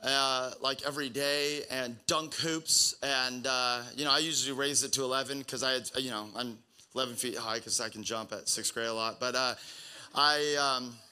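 A man's voice: medium pitch, fairly even intonation, normal speed, sharp tone, smooth. A young man from the Pacific Northwest preaching a sermon in a casual, rambling way, full of fillers and restarts. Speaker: pastor.

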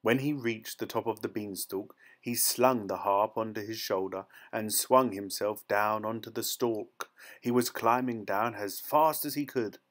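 A man reading a fairy tale aloud in a steady, expressive storytelling manner. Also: fairly low pitch, unhurried.

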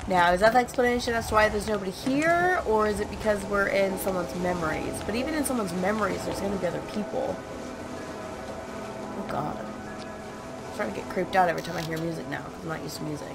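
A woman's voice: medium pitch, a little fast, vocal fry, over loud music. A woman hosting a let's play, chatting and reading game notes aloud in a self-mocking way. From United States. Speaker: gaming channel host.

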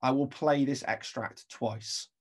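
A man's voice: medium pitch, steady tone, slow pace. A man teaching an English-accented remote music lesson, explaining step by step and counting beats aloud.

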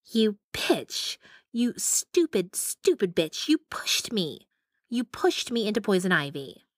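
Lady doing a shrill nasty jealous girl, yelling, dry close sound. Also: fairly even intonation, normal speed, dry recording, close to an everyday voice. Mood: furious. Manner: shrill, screeching. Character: shrill spiteful jealous young woman rival.

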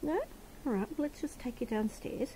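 A woman's voice: on the high side, moderate pace, dark tone, a little hiss or hum. An Australian woman who cares for wildlife, cooing tenderly to a rescued animal with pet names, indoors at home. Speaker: wildlife carer.

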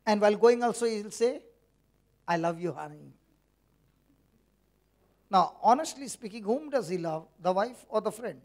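A man's voice: high-pitched, lively intonation, a little fast, few pauses, a little mellow. A man preaching a conversational sermon to a church meeting, teasing the congregation with questions.

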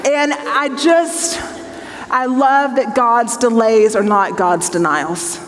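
Woman Bible teacher, forties, fairly high voice, candid testimony sermon, long hall reverb. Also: takes it slowly, some chatter behind, a little hiss or hum. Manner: earnest and conversational, checks in with the audience. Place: large hall with an audience.

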